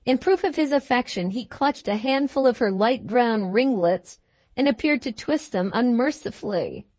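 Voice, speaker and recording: A woman's voice: fairly high pitch, expressive, moderate pace, darkish tone. Woman narrating a classic novel. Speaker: audiobook narrator. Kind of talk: scripted narration.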